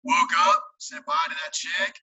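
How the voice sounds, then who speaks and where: A man's voice: very high voice, moderate pace, vocal fry. A young man guest on a podcast, swearing and saying "like" constantly as he tells a wild story. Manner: loose, profane, heavy use of filler words; animated anecdote telling. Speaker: guest, hockey player and rapper. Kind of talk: casual storytelling in a podcast interview.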